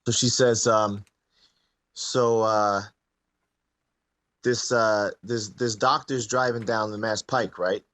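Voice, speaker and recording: A man's voice: lowish voice, fairly even intonation, slow, pauses often, a bit bright, no echo. A man co-hosting a live stream, laid-back, telling a joke with hesitant fillers. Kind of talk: casual joke-telling banter.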